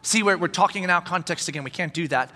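A male pastor preaching a conversational sermon in an animated way, acting out the voices he quotes. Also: sits high, fast, long reverb tail.

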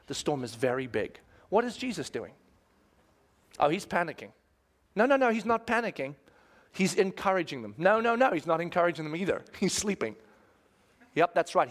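A man preaching a sermon, animated and playful, swinging between loud shouting and quiet, intimate stretches. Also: sits high. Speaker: pastor.

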